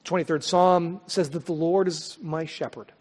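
A male pastor delivers a sermon with earnest, dynamic force, building to loud swells and then dropping into hushed pauses. His voice sits high for a man. The sound carries a long reverb from a large church hall. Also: fairly even intonation.

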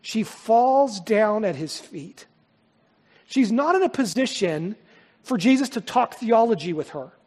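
Male pastor, high husky voice, emphatic preacher who swings from loud to hushed, long hall reverb. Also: expressive, a little slow. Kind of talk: sermon.

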